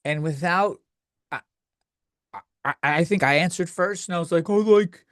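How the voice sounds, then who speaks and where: Man host for a comic rant, slightly high voice, crude and rambling, dry booth sound. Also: moderate pace, fairly bright tone, no room sound. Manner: crude, profane, rambling with many restarts. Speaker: podcast host. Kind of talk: comedic rant.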